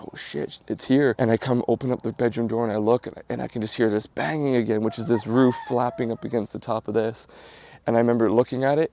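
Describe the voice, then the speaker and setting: A man hosting a laid-back vlog, telling a story with loose, chatty asides and frequent restarts. His voice sits at an ordinary middle pitch and sounds close and dry, with little room sound around it. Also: dark tone, no room sound. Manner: chatty, rambling retelling with many fillers and restarts. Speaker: vlog host.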